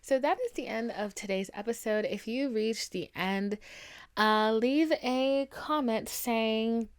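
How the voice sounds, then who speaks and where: A woman's voice: fairly high pitch, slow, clear, resonant tone. Chatty young woman podcast host. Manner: chatty, frequent fillers, affectionate sign-off. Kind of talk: casual solo podcast chat.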